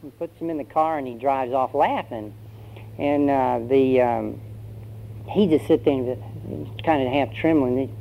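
A pastor preaching, telling a story in a conversational way with fillers. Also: male voice, mid-range voice, measured pace, gravelly. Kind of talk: sermon with storytelling. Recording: dull lo-fi sermon recording, faint hum.

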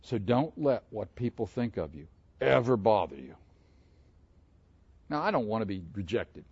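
A man preaching an interactive sermon, asking his congregation questions in an animated way. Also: fairly low pitch, moderate pace, husky, no echo, highs cut off. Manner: animated, asks the room questions. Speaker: pastor.

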